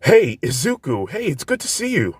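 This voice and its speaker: A man's voice: fairly high pitch, wildly swooping pitch, moderate pace, breathy edge, no echo, voice pushed up, full character voice. A man voicing a cheerful teenage girl greeting a friend.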